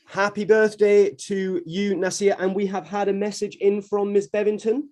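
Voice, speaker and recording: A man's voice: high-pitched, flat delivery, moderate pace, a little mellow. A man hosting a school radio show in chatty, casual talk with frequent restarts. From North East England. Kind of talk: casual live chat.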